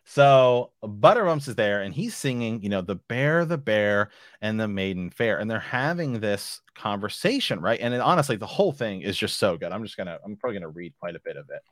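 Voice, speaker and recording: A man's voice: lowish voice, expressive, quick pace, hardly any pauses, dry recording, studio quality. A man hosting a podcast, chatting casually and reading book passages aloud, rambling with lots of filler phrases. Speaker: podcast host.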